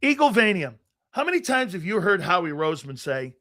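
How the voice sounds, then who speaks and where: A brash man hosting sports talk radio, with a high voice for a man and a bright, forceful edge. He rants bluntly and combatively at his callers and swears without a second thought. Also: sing-song, brisk.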